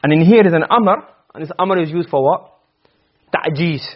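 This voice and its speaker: A man teaching Arabic grammar to a class, asking questions and answering them himself, and reciting verses slowly. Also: fairly high pitch, dull audio. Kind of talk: classroom lecture.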